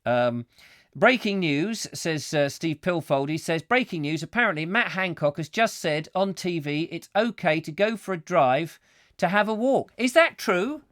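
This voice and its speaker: Man, comic live show host, rambling, jokey, slightly high voice, dry close sound. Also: animated, a little slow, a bit bright, no echo. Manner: rambling, jokey, rhetorical questions. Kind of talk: ranty comic live chat, reading viewer comments.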